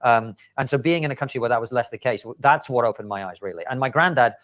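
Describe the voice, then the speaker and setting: Fast-talking man. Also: medium pitch, a bit bright, dry recording. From Soviet Union. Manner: fast, earnest recounting with frequent fillers. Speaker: podcast guest. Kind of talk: interview clip, storytelling.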